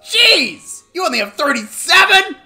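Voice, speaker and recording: A man voicing an incredulous, mocking male stream viewer who shouts in disbelief with a wobbly, shifting put-on accent. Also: extremely high pitch, sing-song, measured pace, echoey room, soft background music, voice pushed up, heavily acted.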